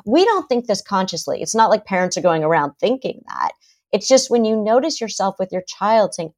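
A middle-aged woman, a psychotherapist, talking in a podcast interview and acting out parents and kids in quick quotes. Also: medium pitch, sing-song. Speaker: psychotherapist guest.

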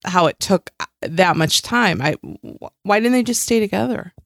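A woman's voice: medium pitch, expressive, moderate pace, creaky, dry recording, studio quality. A woman co-hosting a podcast, making wry, joking comments while chatting casually about a movie. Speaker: podcast co-host. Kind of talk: casual chat recapping a movie.

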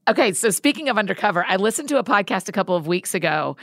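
A woman hosts the interview in a chatty, bubbly way, teasing herself as she goes. Her voice sits at a middle pitch and is recorded dry and close. She talks loudly and asks warm follow-up questions. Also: animated, racing, no echo. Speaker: podcast host. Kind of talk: casual interview chat.

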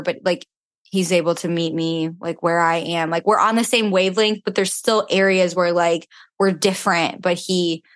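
A woman's voice: fairly low pitch, no room sound. A young woman, a podcast guest and fitness influencer, talking in casual chat and filling her sentences with "like". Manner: chatty, heavy use of filler "like".

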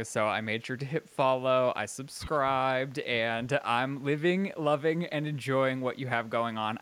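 A man co-hosting a podcast in casual chat, talkative and supportive, asking gentle questions. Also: mid-range voice. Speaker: podcast co-host.

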